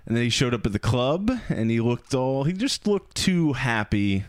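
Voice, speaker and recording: A man's voice: mid-range voice, expressive, moderate pace, dry recording, clean studio sound. Rambling male comedian co-host. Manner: self-mocking storyteller, rambling. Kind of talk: casual podcast banter.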